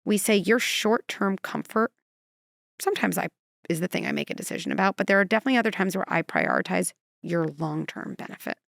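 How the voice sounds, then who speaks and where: A woman's voice: lowish voice, quick pace, creaky, no room sound, studio quality. A female clinical psychologist, a guest in a conversational podcast interview, talking animatedly and acting out quotes and little scenarios.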